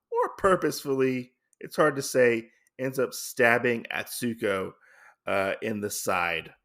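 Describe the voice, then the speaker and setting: Man, podcast host, casual comic recap, creaky gravelly voice, mid pitch, rambling. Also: fairly bright tone. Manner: rambling, with fillers and self-corrections.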